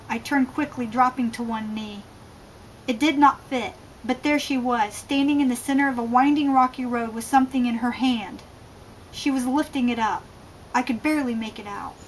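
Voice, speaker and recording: A woman's voice: fairly high pitch, slight background noise, low-quality recording. A novelist reading a chapter of her own book aloud, stopping now and then to comment on the text. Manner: calm reading with asides about the text.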